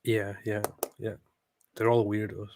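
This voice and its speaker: A man's voice: fairly low pitch, little pitch movement, measured pace, darkish tone, no echo, studio quality. A man co-hosting a casual livestream, reading viewer comments aloud and laughing often.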